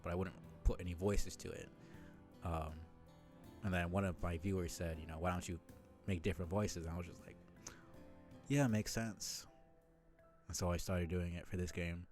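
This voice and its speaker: A man's voice: sits low, a little mellow. A man streaming a game live, chatting in a rambling, self-deprecating way with lots of fillers.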